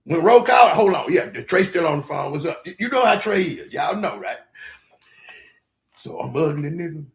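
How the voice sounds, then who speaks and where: A man telling stories in a loud, excitable podcast chat, acting out other people's lines. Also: high voice, a little fast, vocal fry, hardly any pauses. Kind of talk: animated storytelling chat.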